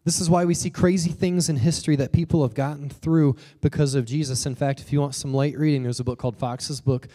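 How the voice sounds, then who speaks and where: A young pastor tells a story from the pulpit with lively acted-out quotes. His voice sits a little high but sounds mellow. He keeps it casual and animated. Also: a little fast, few pauses. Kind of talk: sermon.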